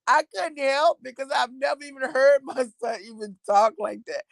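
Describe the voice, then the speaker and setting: A woman's voice: sits high, normal speed, creaky, hardly any pauses, no room sound. A middle-aged woman from Texas, a mother telling viewers a story about her son in a casual, chatty way, laughing often and using slang. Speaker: mother talking about her son's new job.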